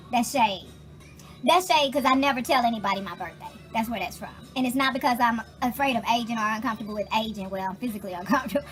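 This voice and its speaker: A woman with a drawl chats loudly in her kitchen, raising her fairly high voice to be heard over music playing behind her. She curses freely and gets emotional as she talks. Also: fast talker. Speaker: vlogger. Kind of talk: casual chat. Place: home kitchen.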